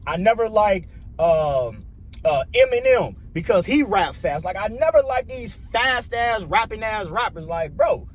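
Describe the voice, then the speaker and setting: Animated Chicago man ranting profanely. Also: sits high, measured pace, slight background noise. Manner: loose, profane, repeats himself, rambling. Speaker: vlogger. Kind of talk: casual opinion rant.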